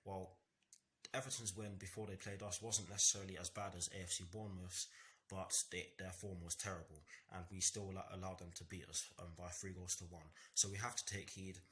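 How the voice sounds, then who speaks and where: A man's voice: sits low, flat delivery, a little fast, bright, forceful tone, a little hiss or hum. A young man hosting a football fan vlog, talking earnestly in repetitive phrases with some stammering. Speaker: football fan channel host. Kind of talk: match preview vlog.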